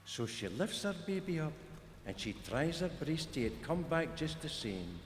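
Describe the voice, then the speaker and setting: A man's voice: on the high side, big pitch swings, measured pace, slight background noise. A Scottish man tells an old folk tale in a homely, rambling way, his voice rising and falling with a lot of life. He is recorded live in a concert hall with a long, rolling reverb and faint room ambience. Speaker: storyteller. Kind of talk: traditional folk tale telling to a live audience.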